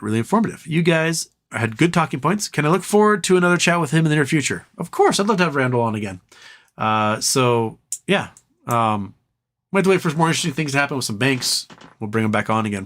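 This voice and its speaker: A male livestream host with a mid-range, fairly bright voice reads viewer comments out loud. He riffs on them in a loose, joking, profane way.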